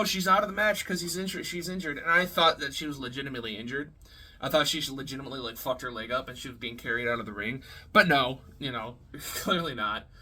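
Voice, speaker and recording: A man giving a casual, rambling spoken review, heavy on swearing, fillers and quick laughs. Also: mid-range voice, sharp tone, slightly rough. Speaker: wrestling reviewer.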